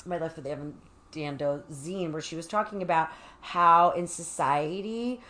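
A woman guest on an interview, telling stories in a casual, animated way, with many fillers and restarts. She acts out quotes as she talks. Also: deep voice, moderate pace. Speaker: guest author. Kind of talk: casual conversational storytelling.

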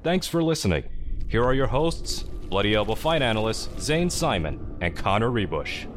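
A man reading a scripted podcast intro announcement in a smooth, measured way. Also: lowish voice, sing-song, soft background music. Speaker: show announcer.

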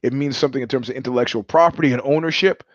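A man's voice: medium pitch, rapid-fire, no echo, dull audio. A middle-aged man from New York hosting a live-streamed show, telling stories in a blunt, profane, sardonic monologue. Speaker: host.

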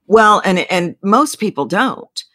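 A woman with a Texan accent, a voice coach telling her story as an interview guest, animated, with sudden jumps in pitch. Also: slow pace, dry recording. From Texas.

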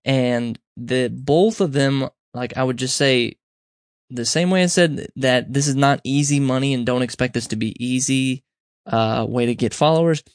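A man's voice: mid-range voice, normal speed, no echo, clean studio sound. A young man hosting a podcast, giving casual advice in a rambling, self-correcting way and acting out little quoted exchanges. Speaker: podcast host. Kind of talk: casual solo advice talk.

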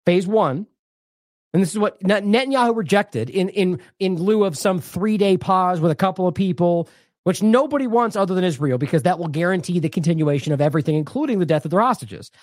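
A man's voice: high-pitched, expressive, quick pace, darkish tone, no room sound, clean studio sound. A man hosting an independent news show, delivering indignant, sarcastic commentary with heavy emphasis.

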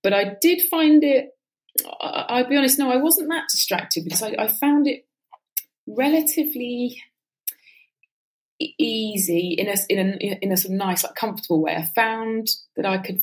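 A woman, maybe in her thirties, speaking as a guest in a relaxed, reflective conversation, with lots of fillers and a casual swear now and then. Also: fairly high pitch, moderate pace, rough recording. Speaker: podcast guest.

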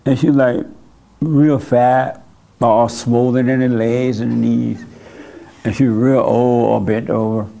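A man's voice: mid-range voice, a little slow, gravelly. Man preaching in a loose, storytelling way. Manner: storytelling with laughs, casual and animated. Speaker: pastor and host. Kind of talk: sermon.

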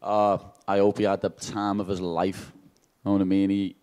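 A man's voice: sits low, little pitch movement, moderate pace, mellow, smooth. A man with a Liverpool accent answering press conference questions after a fight, brash and cheeky and swearing freely.

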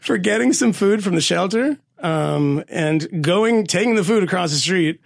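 A man with a fairly high, husky voice. He is a podcast co-host who tells stories in casual chat, animated and profane, often laughing through them. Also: unhurried.

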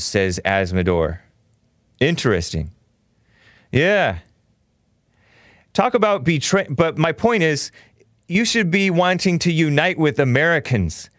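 A man's voice: fairly high pitch, big pitch swings, slow pace, pauses often, a bit bright, dry recording, clean studio sound. A man hosting a talk show, ranting in a combative, mocking, rambling way. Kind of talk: casual talk show rant.

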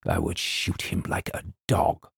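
A man voicing a stern, menacing old male colonel who speaks in a quiet, grave way. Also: lowish voice, animated, takes it slowly, vocal fry, no room sound, clean studio sound, voice pushed up, heavily acted.

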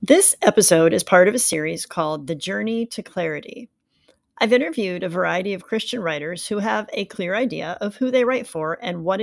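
Female podcast host, mid pitch, earnest reassuring read, dry close-mic sound. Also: creaky, no room sound. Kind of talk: scripted podcast intro.

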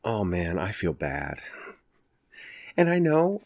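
A man's voice: deep voice, huge pitch swings, slow, a little mellow, no room sound, studio quality. A man in his forties from the Ozarks with an Ozark Southern accent, hosting a casual solo podcast in a chatty, self-mocking way. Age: 40s. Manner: chatty and self-mocking, frequent laughs and restarts. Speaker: podcast host.

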